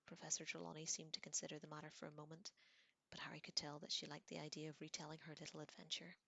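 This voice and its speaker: A woman reading a novel aloud in a calm, hushed voice, partly whispered. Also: sits low, quick pace, gravelly, no echo. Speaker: audiobook reader.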